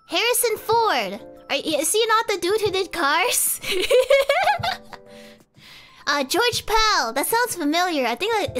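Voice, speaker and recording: Very high-pitched giggly woman streamer. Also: a bit bright. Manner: giggly, rambling, guesses and second-guesses. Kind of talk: casual live-stream chat.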